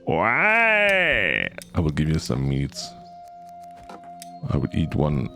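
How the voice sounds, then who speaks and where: Slow, gravelly deep-voiced male streamer. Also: steady tone, warm tone, faint music behind. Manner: chatty, talks to game characters, sings little sound effects. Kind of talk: casual gameplay commentary.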